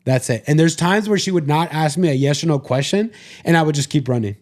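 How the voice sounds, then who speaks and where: A young adult man co-hosts a podcast in relaxed casual chat. He rambles and restarts as he tells his story and turns to the listeners. His voice sits somewhat high for a man. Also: quick pace. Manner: rambling, self-correcting storytelling, addresses listeners. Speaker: podcast co-host.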